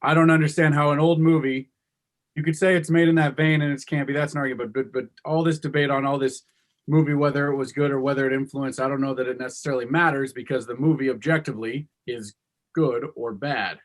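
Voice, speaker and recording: A man's voice: mid-range voice, fairly even intonation, quick pace. A man acting as judge in a comedic mock trial, cutting in with exasperation to keep order.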